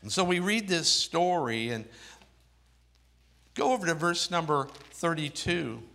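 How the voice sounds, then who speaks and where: A man preaching a sermon, reading scripture in old-fashioned wording and swinging between soft, low phrases and raised, emphatic ones. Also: expressive, unhurried, vocal fry. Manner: reads scripture aloud in King James wording.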